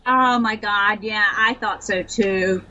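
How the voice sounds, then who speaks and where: A chatty middle-aged woman from the American South tells her stories as a podcast guest, animated and quick to laugh. Her voice is bright and forward, and the recording sounds a bit dull with a faint hiss behind it. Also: medium pitch. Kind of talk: casual interview storytelling. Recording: slightly dull audio with faint noise.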